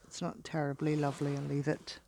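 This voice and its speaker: A woman narrating as she beachcombs outdoors, soft-spoken and given to delighted exclamations, sometimes dropping to a near whisper. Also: low-pitched, monotone, fairly quick, gravelly, a little hiss or hum. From Northern Ireland. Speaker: beachcombing vlogger. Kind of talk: casual narration while walking.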